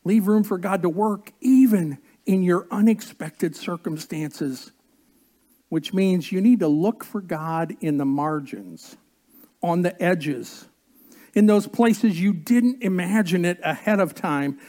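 Slow, earnest male pastor preaching. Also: high-pitched, dark tone. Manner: coaxes the congregation to join in. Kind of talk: sermon.

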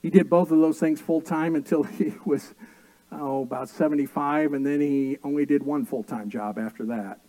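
Middle-aged pastor telling stories, dry room. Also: male voice, fairly high pitch, fairly even intonation, normal speed, dark tone, no echo, poor audio. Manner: storytelling with dry humor. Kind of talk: sermon.

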